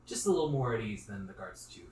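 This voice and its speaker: A man's voice: lowish voice, expressive, fast talker, darkish tone. Rambling male game master in an echoey room. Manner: rambling, filler-heavy narration. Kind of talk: narrating a tabletop game. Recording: roomy echo, distant mic, faint noise.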